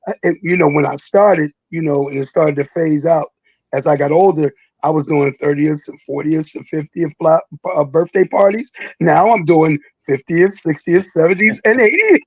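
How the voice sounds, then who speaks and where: An older man tells stories as an interview guest, joking and breaking into impressions. His voice sits high and has a gravelly, husky edge. The sound is close and dry. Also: moderate pace, no echo, rough recording. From Philadelphia. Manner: jokey, laughs a lot, slips into impressions. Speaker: guest, veteran rapper. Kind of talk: casual interview chat.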